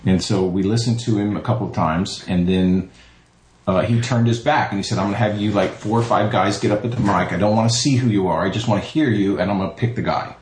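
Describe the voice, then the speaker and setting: A man's voice: lowish voice, fast, roomy sound, slight background noise, poor audio. A man, a voice actor, chatting casually in an interview and acting out the people he quotes. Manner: animated storyteller, acts out quotes. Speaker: voice actor, guest.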